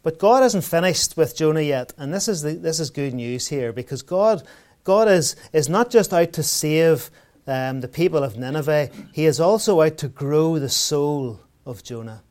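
A man's voice: fairly high pitch, animated, moderate pace, darkish tone. A man preaching a sermon in a conversational way, asking rhetorical questions and telling everyday anecdotes.

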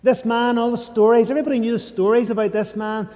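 Speaking fast with little movement in pitch, a man preaches emphatically in a mellow, fairly high voice, sinking into a hushed low tone for his key lines. His sermon echoes with the long reverb of a big church hall.

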